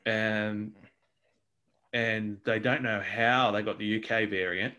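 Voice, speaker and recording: A man's voice: lowish voice, steady tone, takes it slowly, bright, forceful tone. An Australian man co-hosting a casual podcast chat, ranting with plenty of swearing and exasperation. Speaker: podcast co-host.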